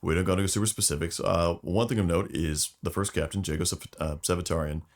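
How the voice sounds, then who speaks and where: A man's voice: deep voice, steady tone, fast. A man co-hosting a casual podcast, explaining lore in a loose, slangy way. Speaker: podcast co-host.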